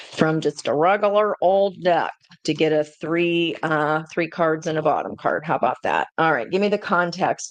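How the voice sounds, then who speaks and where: A woman leads a live tarot reading in an unhurried, chatty way, talking straight to the people watching and restarting her sentences. Her voice sits a little low. The sound is close and dry, with no room echo. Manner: chatty, talks straight to viewers; self-interrupting, many fillers and restarts. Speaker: tarot reader.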